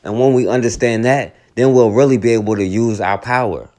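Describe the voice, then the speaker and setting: A man's voice: mid-range voice, fairly even intonation, brisk, darkish tone. A man hosting a talk radio show, giving an earnest, preachy commentary monologue.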